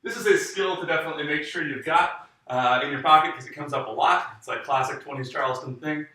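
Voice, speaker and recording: A man's voice: fairly high pitch, fast talker, pushed and bright. A man teaching a live online dance lesson, explaining moves and counting the beats aloud while he demonstrates. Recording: very echoey room, mic far off.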